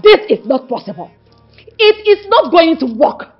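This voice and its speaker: Brief: fierce Nigerian queen mother, very high and lively, scolding, dull audio with music. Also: normal speed. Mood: indignant. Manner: indignant scolding. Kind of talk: Nollywood film acting.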